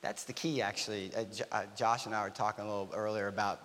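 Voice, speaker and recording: Veteran guy telling war stories at church, lively, acts out the dialogue, bright voice, big echoey hall. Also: fairly low pitch, fast. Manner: animated storytelling with acted-out dialogue. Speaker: guest speaker, army veteran. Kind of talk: motivational church talk. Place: church auditorium. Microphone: stage microphone.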